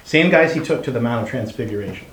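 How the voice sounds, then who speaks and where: A man's voice: mid-range voice, animated, fast talker, fairly bright tone. Discussion leader, male, reads the text aloud and quizzes the group; roomy sound with faint hiss. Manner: reads passages aloud and asks the group questions. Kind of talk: group Bible study discussion.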